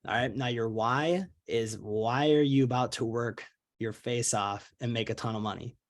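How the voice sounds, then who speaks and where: A young man leading a motivational team training call, talking in an earnest, energetic way with many fillers and restarts. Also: medium pitch, normal speed. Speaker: network marketing leader.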